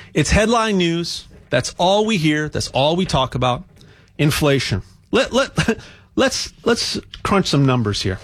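A man's voice: on the high side, slightly rough. A man giving a casual, rambling sales monologue on gold, repeating words and ranting with rising energy. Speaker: gold promoter.

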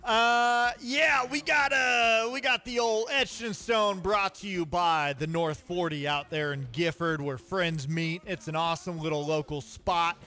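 A man co-hosting a sports radio show, chatting casually with animated, jokey outbursts. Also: sits high, a little slow, few pauses. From central Illinois.

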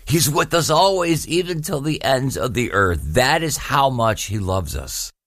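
A man presenting a short devotional radio spot, telling a story in an animated way. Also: medium pitch, measured pace.

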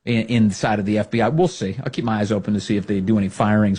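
A man's voice: fairly low pitch, steady tone, fast talker, few pauses, warm tone, husky. A man hosting political commentary, sarcastic and mocking, slipping into quoted put-on voices.

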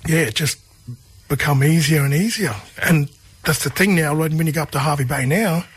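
An Australian man, a musician guest, telling stories in a relaxed conversational way, often restarting and repeating phrases. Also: a little high, fairly quick, slightly rough.

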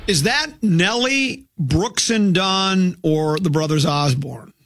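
A man's voice: high voice, animated, slow pace, a bit bright, soft background music. A man hosting sports talk radio, rambling and joking casually about games.

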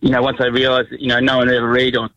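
Man, forties, radio caller, quick and hesitant, dry sound. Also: medium pitch, completely flat delivery, sharp tone, dry recording, dull audio. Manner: hesitant, many fillers. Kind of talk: casual phone chat.

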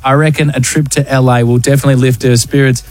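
Jokey Australian radio host. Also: male voice, medium pitch, fast, no echo, faint music behind. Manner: jokey, energetic, slangy. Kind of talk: breakfast radio banter. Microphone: studio microphone.

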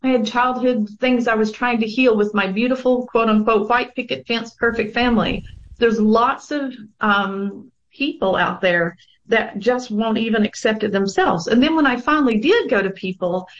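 A woman's voice: a little high, moderate pace, muffled recording. Earnest woman telling her own story. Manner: earnest, reflective, frequent "um" fillers. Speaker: guest sharing her own story of abuse. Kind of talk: personal testimony in a panel discussion.

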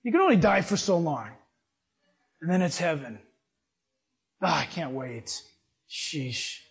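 A man preaching a sermon, reading scripture and telling personal stories in a lively, animated way. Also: a little high, slow pace, gravelly, breathy edge. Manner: animated, acts out voices in his stories.

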